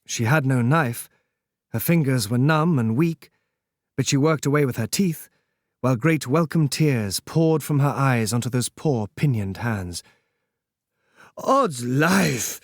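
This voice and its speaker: A man narrating a classic novel in a measured, solemn reading. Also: mid-range voice, no room sound, studio quality. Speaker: audiobook narrator.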